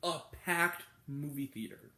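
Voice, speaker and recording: A man's voice: fairly high pitch, measured pace, pushed and bright, reverberant. A man giving a blunt, exasperated, profane movie review as host of his own show. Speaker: film reviewer.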